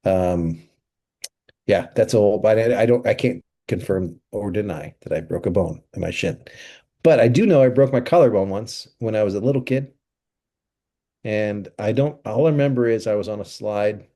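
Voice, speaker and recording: A pastor with a low, dark voice hosts a podcast at a moderate pace, keeping the chat easygoing and casual. He chuckles as he rambles through his stories.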